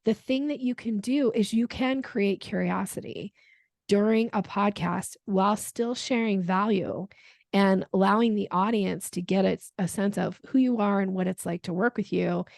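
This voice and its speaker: A woman with a gravelly, fry-tinged, medium-pitched voice is a sales coach appearing as a podcast guest, walking through her sales ideas in a conversational interview. She's animated, laughs often, and slips into quick acted-out lines of dialogue. The recording is close and dry, with no room sound or echo.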